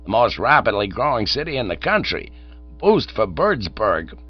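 An eager small-town American booster who talks like a salesman, as a male storyteller puts him on. He runs higher and brighter than the narration, with bouncy pitch, and the recording sounds dull, with a low hum behind it. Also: big pitch swings, normal speed, breathy edge. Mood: hearty.

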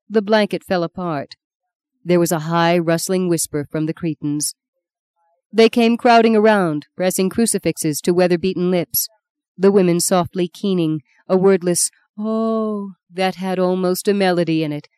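A woman narrating a novel in a measured, solemn storytelling manner. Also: lowish voice, mellow, clear, resonant tone, dry recording. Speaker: audiobook narrator. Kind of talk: scripted literary narration.

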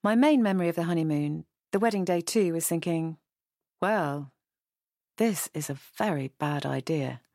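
Woman narrating an audiobook in first person, low voice, wry and chatty. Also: moderate pace, mellow, no room sound, clean studio sound.

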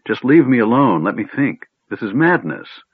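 A shaken young elf man, as a male narrator does him, mumbling in broken despair. The voice swings widely in pitch. The recording is narrow and phone-like, bone dry. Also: very animated, normal speed, slightly rough, no echo. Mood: distraught. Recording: tinny phone-like band, dry.

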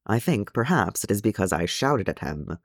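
A man's voice: lowish voice, big pitch swings, normal speed, no echo, clean studio sound. Thorin, a man voicing a stern dwarf king. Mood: grave. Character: stern older male dwarf king, proud, guilt-ridden. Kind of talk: audiobook fan reading.

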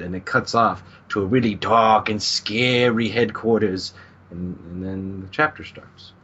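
A man co-hosting a podcast, narrating a plot in a low-key, casual way, in muffled lo-fi audio. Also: fairly even intonation, measured pace, sharp tone, breathy edge. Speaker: podcast co-host. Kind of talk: casual chat recapping a manga.

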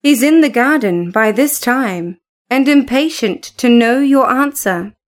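A matter-of-fact household servant, read by a woman in a high voice. The delivery is slow and plain. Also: expressive. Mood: urgent.

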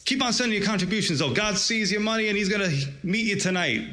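A man doing a pushy tent-revival faith healer. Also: fast talker. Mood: pushy showman. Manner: loud salesman's pitch, urging.

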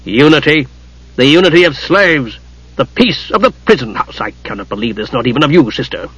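A man voicing a stern, grim male god in an audiobook, speaking gravely. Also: mid-range voice, moderate pace, a bit bright, dry recording. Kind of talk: audiobook character reading. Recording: muffled lo-fi recording.

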